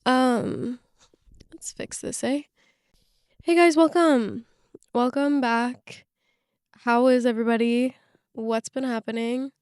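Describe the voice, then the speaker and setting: A young woman of about twenty chats away with a bit of a sick, under-the-weather sound, her voice pitched a little high. Her tone stays smooth and clean, rambling along with plenty of fillers. The recording is dry and close, from inside a parked car. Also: fairly even intonation, slow, pauses often, a little mellow, no echo. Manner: chatty and rambling, lots of fillers. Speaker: podcast host. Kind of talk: casual chat. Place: parked car in a parking lot.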